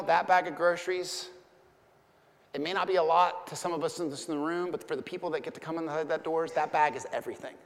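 A man, preaching a sermon as a pastor, swinging from loud impassioned peaks to hushed emphasis. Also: fairly high pitch, gravelly. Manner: impassioned, rising to near-shouts and dropping to hushed emphasis. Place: church sanctuary. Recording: long church reverb.

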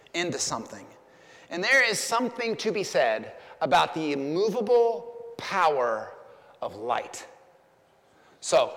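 A male pastor preaching in a fairly high voice, building each point with emphatic, rhythmic repetition. He sounds like a storyteller, and his voice hangs in the long reverb of a large church sanctuary. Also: fairly bright tone. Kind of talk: sermon.

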